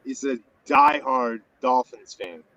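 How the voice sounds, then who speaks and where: A man's voice: mid-range voice, slow pace, lo-fi sound, a crowd in the background. A man joining a casual live-stream chat, amused and chatty. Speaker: guest.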